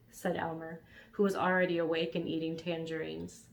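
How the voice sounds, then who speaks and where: A woman reading a children's storybook aloud in a calm, even narrating voice. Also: deep voice, moderate pace, gravelly. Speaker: reader.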